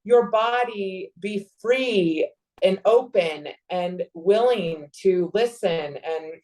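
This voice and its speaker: A woman in her forties chatting as a podcast guest, rambling and animated, with sudden excited bursts. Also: medium pitch, takes it slowly, rough recording. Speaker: podcast guest, actor and producer. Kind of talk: casual interview chat.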